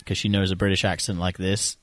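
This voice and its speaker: A man's voice: low voice, little pitch movement, a little fast, fairly bright tone, dry recording. A man chatting casually while watching a film, joking, swearing and laughing often. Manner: profane, laughs often, jokey. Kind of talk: casual chat.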